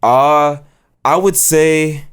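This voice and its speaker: A young man co-hosting an anime review show, talking in a slangy, halting way and retelling scenes in quotes. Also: a little high, clear, resonant tone. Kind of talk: casual chat.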